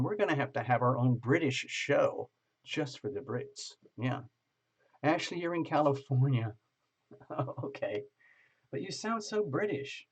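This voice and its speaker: Husky-voiced man chatting on a livestream. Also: mid-range voice. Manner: chatty and joking, greets viewers by name. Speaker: tarot reader hosting a live stream. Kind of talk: live stream chat, reading viewer comments.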